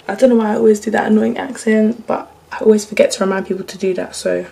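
Gravelly-voiced young woman vlogging. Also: mid-range voice, steady tone, fast talker, hardly any pauses, mellow. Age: young adult. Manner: chatty, blunt, jokey. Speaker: vlogger, university student. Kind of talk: casual chat to camera. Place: new student room, indoors.

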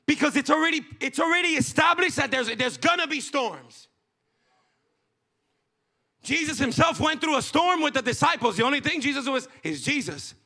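A man preaching a sermon as pastor, swinging from loud shouted passages to hushed low lines. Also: expressive, normal speed. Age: young adult. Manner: preaches with rising shouts and sudden hushed drops.

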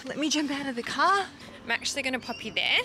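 A woman's voice: high voice, animated, fast, background noise. A young woman with an Australian accent, chatting casually to a handheld camera as a vlogger and swearing freely in rambling asides. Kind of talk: casual vlog talk to camera.

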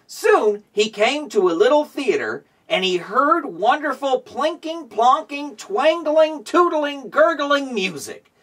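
A man hosting a show and reading a children's storybook aloud in a slow, expressive storytelling way. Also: very high voice, recorded from a distance. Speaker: show host.

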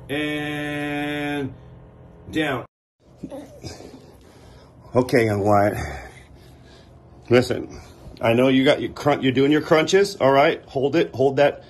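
A man's voice: mid-range voice, slow, long pauses, a little hiss or hum. A man talking playfully to his baby son in a home video, coaxing him and cheering him on like a coach. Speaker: father filming his baby.

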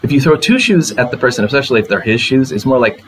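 A man's voice: medium pitch, sing-song, moderate pace, creaky, a little hiss or hum, poor audio. Man giving a conversational literature lecture. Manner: conversational, asks rhetorical questions.

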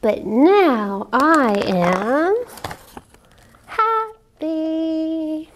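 A woman voicing a hungry, huffy, growly little wolf boy who calls out in long, drawn-out howls. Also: high voice, animated, background noise, full character voice. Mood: eager.

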